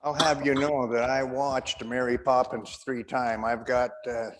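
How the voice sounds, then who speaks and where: A man's voice: medium pitch, little pitch movement, a little slow, big-room sound, noisy background. A man with a Canadian accent doing chatty, self-mocking stand-up comedy as host of an online show over a video call.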